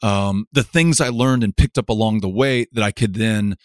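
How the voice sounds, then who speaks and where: A middle-aged man from West Texas with a lowish voice, talking in an earnest, reflective way in an interview. He restarts his sentences and builds his points in rhythmic, parallel lists. The sound is close and dry, with no room around it. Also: no echo. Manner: earnest, halting with repeated starts, lists in rhythmic parallel phrases. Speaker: interview guest, politician.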